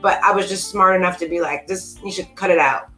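A woman guest on a casual podcast, talking in a bright, forward voice. She rambles, restarts her sentences and cuts herself off. Faint music plays behind her. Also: fairly low pitch, a little fast, low-quality recording. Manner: rambling, self-interrupting. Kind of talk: casual chat.

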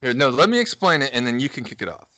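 A man's voice: mid-range voice, very animated, quick pace, pushed and bright, no echo. A young man casually telling a crude, rambling story on a podcast, laughing as he goes. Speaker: podcast co-host.

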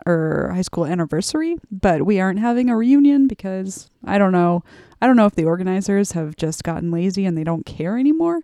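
Mellow-voiced chatty woman podcaster. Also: fairly low pitch, no echo, studio quality. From Arkansas, USA. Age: late 30s. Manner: chatty, upbeat, talks straight to listeners. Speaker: podcast host. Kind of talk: casual solo podcast chat.

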